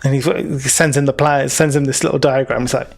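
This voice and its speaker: A British man running a tabletop game as game master, narrating in a relaxed way that is full of laughs and restarts. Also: medium pitch, brisk, gravelly.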